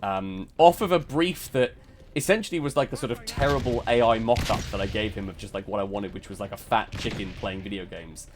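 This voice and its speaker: A British man hosting a live gaming stream, chatty and excitable, laughing often. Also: on the low side, brisk, noisy background. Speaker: stream host. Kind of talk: casual chat while gaming.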